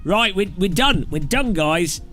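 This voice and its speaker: A man's voice: high voice, expressive, unhurried, sharp tone, faint music behind. A man hosting a gaming channel, chatting casually in a rambling, joking way. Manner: rambling and joking, with loose restarts. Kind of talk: casual chat.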